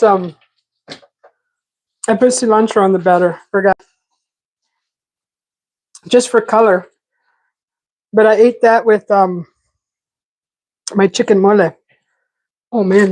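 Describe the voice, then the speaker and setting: A woman with a medium-pitched, darkish voice hosts a live stream from a home garden setting, with no room sound on the recording. She rambles through casual chat while eating, full of fillers and restarts.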